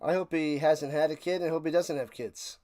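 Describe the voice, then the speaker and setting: A man's voice: a little high, fairly even intonation, a little fast, mellow. A man hosting a live game watch party stream, calling plays and ranting sarcastically to his chat. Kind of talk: live play-by-play and casual rant.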